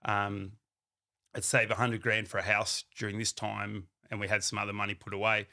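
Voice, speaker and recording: A man, a company founder telling his story in a casual, animated way and acting out what people said to him. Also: fairly low pitch, normal speed, gravelly.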